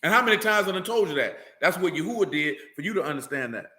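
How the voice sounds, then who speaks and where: A man's voice: sits high, expressive, quick pace, sharp tone, roomy sound. Blunt, slangy man preaching. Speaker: religious teacher. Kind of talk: informal streetwise sermon.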